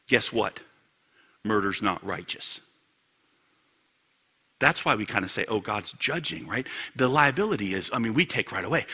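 A man preaching with a lively, far-ranging delivery and a brilliantly bright tone. His voice has a husky edge, and he pushes from booming emphasis down to near-whispered asides, peppering the sermon with rhetorical questions. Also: normal speed, long pauses. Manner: animated, rhetorical questions, swings from loud to hushed. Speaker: pastor.

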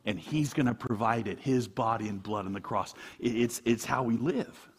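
A middle-aged man, a pastor, preaching a sermon in a church in a conversational, animated way, full of rhetorical questions. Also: mid-range voice, normal speed, husky.

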